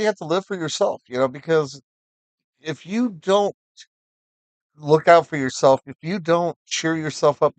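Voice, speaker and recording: A man's voice: fairly high pitch, no room sound. Rambling, encouraging male stream host. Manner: encouraging, rambling with many fillers. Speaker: livestream host. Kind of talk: casual live-stream chat.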